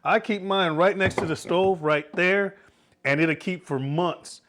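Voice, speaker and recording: A man's voice: sits high, unhurried, a bit bright. A middle-aged man hosting his home cooking vlog, laid-back and jokey, laughing often as he chats. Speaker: cooking channel host. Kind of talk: casual cooking vlog chat.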